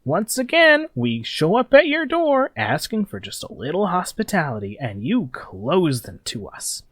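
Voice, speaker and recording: A man's voice: high-pitched, huge pitch swings, a little slow, fairly bright tone, dry recording, clean studio sound, voice pushed up, heavily acted. A man voicing a pompous, theatrical male gang leader who sounds grandly mock-polite and threatening.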